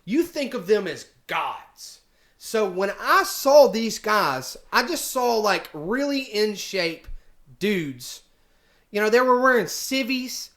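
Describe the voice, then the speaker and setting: A man's voice: high voice, sing-song, slow, a bit bright. A man casually telling a story, rambling with many fillers and restarts. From United States. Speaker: vlogger.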